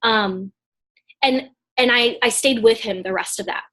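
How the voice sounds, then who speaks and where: Speaking a little slowly in a slightly high, somewhat bright voice, a woman business coach shares a personal story in a live motivational talk over video call. She's casual and chatty, with lots of fillers and restarts.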